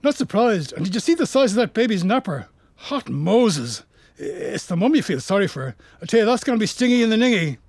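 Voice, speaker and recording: A man's voice: sits high, sing-song, fairly quick, gravelly, a little mellow, slightly rough, dry recording, exaggerated voice. A merry Scottish bishop who chuckles through his gossip, his voice bouncing up and down. The sound is close and dry, with no room around it. He rambles and hunts for words as he talks. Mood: gossipy. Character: jolly gossiping male bishop, fond of a laugh.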